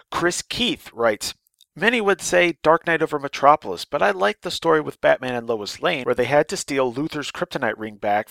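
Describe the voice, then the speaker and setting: A man hosts his podcast, chatting his way through listener mail with a loose, rambling delivery. His voice has a gravelly, fried texture. The sound is dry and close, with no room around it. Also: medium pitch, a bit bright, no room sound. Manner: rambling, chatty, with fillers and restarts. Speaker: podcast host. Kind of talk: casual podcast chat reading listener mail.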